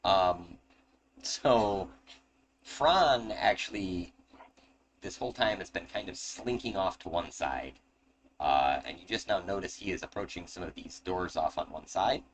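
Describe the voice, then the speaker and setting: Low-pitched male game master, casual joking delivery, noisy home recording. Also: unhurried. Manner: casual, swearing, laughing asides. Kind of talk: narrating a tabletop game.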